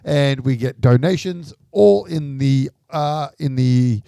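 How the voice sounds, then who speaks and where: A man's voice: medium pitch, slow pace, gravelly, warm tone, clean tone, no room sound, clean studio sound. A man co-hosting a podcast, making brief, matter-of-fact remarks. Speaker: podcast co-host. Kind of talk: casual chat.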